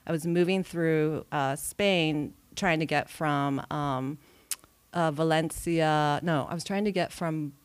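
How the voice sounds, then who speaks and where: A woman in her forties, guesting on a podcast, tells a personal travel story in casual chat. Her voice sits low and is clear and resonant, she takes it slowly, and the recording is dry. A lively storyteller, she acts out her own quoted thoughts.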